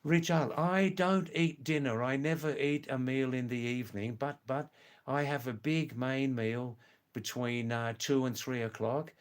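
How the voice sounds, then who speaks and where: An older man from England, hosting a live stream, chatting casually with viewers in a slow, rambling way full of hesitant fillers. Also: mid-range voice, fairly even intonation. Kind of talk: casual live chat reading viewer comments.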